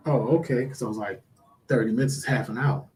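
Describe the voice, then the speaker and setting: A man's voice: mid-range voice, a little fast, very noisy. A man telling a work story in casual chat, acting out the people he quotes. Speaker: guest.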